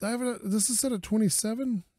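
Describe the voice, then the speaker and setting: Man, high lively voice, gameplay commentary, muttering to himself, talking to objects, dry close mic. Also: rapid-fire, no room sound. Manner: mutters to himself, frustrated outbursts and self-soothing; talks to the game objects. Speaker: gaming YouTuber.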